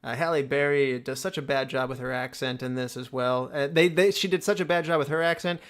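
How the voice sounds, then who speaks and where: A man's voice: mid-range voice, fairly bright tone. A young man hosting a movie podcast, opinionated and joking in casual roundtable chat. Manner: opinionated, joking, quick asides. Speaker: podcast host.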